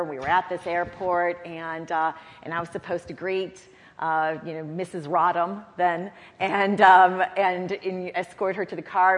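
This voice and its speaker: A woman panelist telling stories from her campaign days in an animated way, acting out the people she quotes. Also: lowish voice, long reverb tail. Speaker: panelist, former campaign staffer. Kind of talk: panel discussion, lively storytelling.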